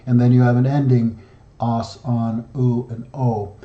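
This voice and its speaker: A man leading a study group, talking slowly and methodically through slides and reading word forms aloud. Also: mid-range voice, flat delivery. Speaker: founder and study group leader. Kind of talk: solo language lesson over slides. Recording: dull lo-fi audio in an echoey room.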